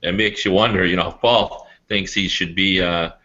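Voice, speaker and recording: A man talking in a casual podcast chat, halting and filling with "you know". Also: sits low, steady tone, bright, forceful tone. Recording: dull lo-fi podcast audio.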